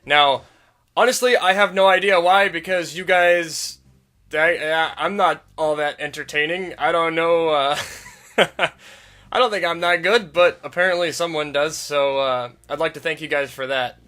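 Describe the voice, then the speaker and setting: A man's voice: fairly high pitch, a little slow, pushed and bright. A young man hosting a video game channel, talking casually and self-deprecatingly, with restarts and giggles. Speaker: gaming YouTuber. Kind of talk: casual gameplay commentary. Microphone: desk mic.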